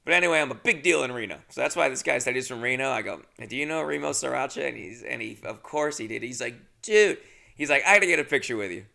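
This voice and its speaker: A man's voice: medium pitch, fast talker, vocal fry, few pauses, pushed and bright. A man hosting a podcast, telling a rambling, self-deprecating comedic story and acting out both sides of the conversation. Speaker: podcast host.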